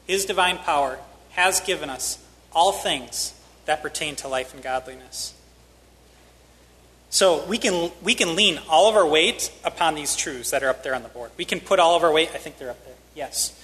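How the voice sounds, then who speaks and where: A man preaches a sermon in a church hall. He is candid and self-deprecating and presses key lines with rising emphasis. His voice is somewhat high and bright, and it rings with a long hall reverb. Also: moderate pace, slight background noise.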